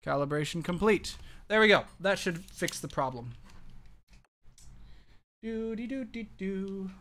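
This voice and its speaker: A man's voice: on the high side, animated, moderate pace, a bit bright. A man casually commenting on his gameplay, playful and full of meme jokes. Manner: jokey, meme-heavy, playful. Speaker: let's-play gamer.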